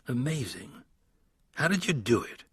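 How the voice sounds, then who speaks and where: A man's voice: medium pitch, big pitch swings, a little slow, fairly bright tone, slightly rough, dry recording, clean studio sound, exaggerated voice. Man doing a guarded American politician. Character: cautious male American politician.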